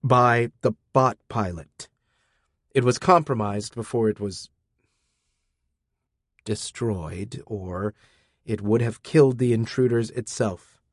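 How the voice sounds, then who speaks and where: A man narrating a first-person audiobook in a dry, deadpan manner. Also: mid-range voice, slow, pauses often, dry recording.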